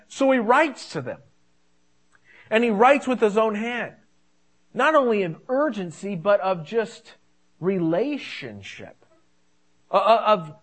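Animated high-voiced male preacher. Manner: animated, conversational, repeats phrases. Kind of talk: sermon.

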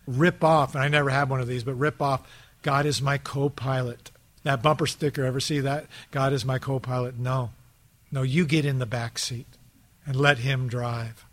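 A man preaching a sermon as a pastor, earnest and often putting rhetorical questions to his listeners. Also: medium pitch.

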